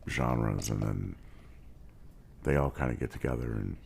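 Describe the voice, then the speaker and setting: A man's voice: very deep voice, unhurried, gravelly, a little mellow, slight background noise. A male podcast host chatting casually, asking easygoing questions of his guest. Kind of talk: casual interview chat.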